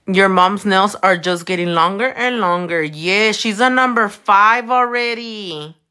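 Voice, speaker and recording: A bright, forceful, mid-range voice belongs to a California nail technician with a Californian accent, speaking a little slowly. As she does nails and reads comments, she chats casually and playfully, swears freely, and mixes Spanish words into her talk.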